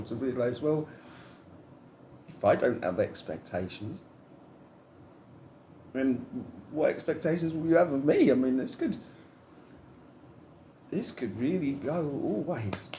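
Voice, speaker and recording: A man's voice: medium pitch, warm tone, roomy sound, a little hiss or hum. A man giving a rambling, heartfelt spiritual monologue to camera, musing on love and trust.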